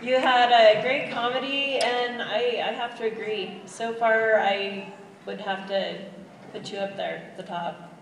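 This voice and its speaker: A talent show judge giving soft-spoken feedback that trails off. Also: medium pitch, fairly even intonation, unhurried, vocal fry, far from the mic. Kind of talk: casual feedback. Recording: echoey hall with loud crowd noise.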